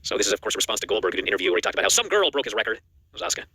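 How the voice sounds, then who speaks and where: A man's voice: on the low side, slightly rough, no echo. A man co-hosting a wrestling news show, recapping matches in a casual chat and acting out the quotes. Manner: rapid animated recap, acts out quotes.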